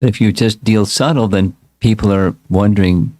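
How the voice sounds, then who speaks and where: A man's voice: on the low side, normal speed, warm tone, dry recording. A man as a spiritual teacher giving a casual scripture class, reflective and repeating himself as he restarts words.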